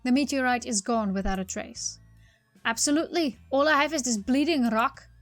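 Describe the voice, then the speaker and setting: A woman's voice: sits high, normal speed, no echo, soft background music, lightly acted. A woman voicing a bumbling male police constable with a put-on Cockney accent, melodramatic and weepy, in a text game. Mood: apologetic. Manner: weepy, melodramatic, rhyming slang.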